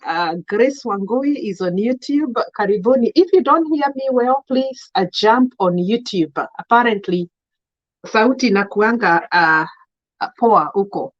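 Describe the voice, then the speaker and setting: A Kenyan-accented adult woman speaks in a mid-range voice on a live stream, greeting viewers by name and giving her opinions emphatically in English and Swahili. The recording is muffled.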